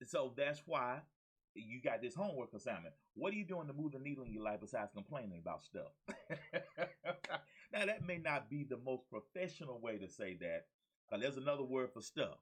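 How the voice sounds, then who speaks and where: A man hosting his own show as a motivational coach speaks to camera with exuberant energy, repeating his key phrases and calling out to listeners like a preacher. His mid-range voice is expressive, husky and a little fast, and the audio is poor.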